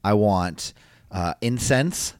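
A man co-hosting a casual wrestling chat podcast, animated and jokey, swearing freely. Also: fairly low pitch, slow, dry recording. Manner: animated, jokey, swears, slips into silly voices. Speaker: podcast co-host.

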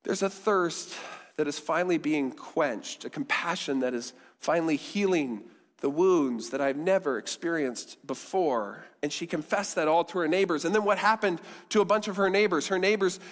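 Male pastor, conversational sermon, slightly higher voice, long hall echo. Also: moderate pace. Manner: conversational preaching, with quiet emphatic endings.

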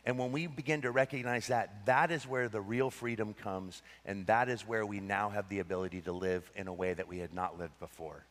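A male pastor preaching a sermon, swinging between excited bursts and hushed, tender passages. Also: fairly low pitch, a little fast, few pauses, long reverb tail.

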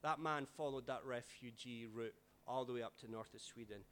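A man, a pastor telling stories in a sermon with dramatic swings in loudness. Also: mid-range voice, moderate pace, a little hiss or hum. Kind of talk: sermon storytelling.

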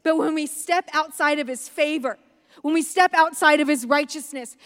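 A woman pastor preaching a sermon with impassioned delivery, moving between hushed passages and loud, emphatic ones. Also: sits high, in a large hall. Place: church sanctuary.

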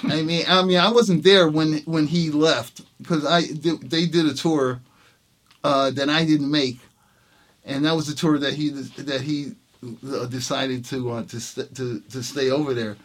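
Male trumpet player, interview guest, lively storyteller who stumbles and restarts, slightly high-pitched voice. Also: measured pace. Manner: animated, many restarts, acts out quotes. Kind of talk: storytelling in a conversation.

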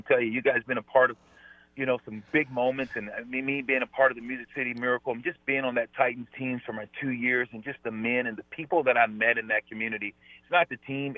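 A man's voice: mid-range voice, no echo. Emphatic man on a tinny phone line. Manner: emphatic, repeats "I tell you". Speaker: guest, former pro football player. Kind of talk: phone-in sports radio interview.

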